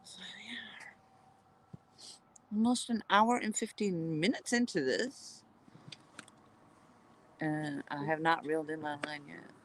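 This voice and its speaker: A woman from New England chats through a casual fishing vlog in a bright, crisp voice. She talks playfully and laughs easily, speaking outdoors by a river. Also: low-pitched, fairly even intonation, takes it slowly, pauses often, a little hiss or hum. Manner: playful, chatty, laughs often. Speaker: vlogger.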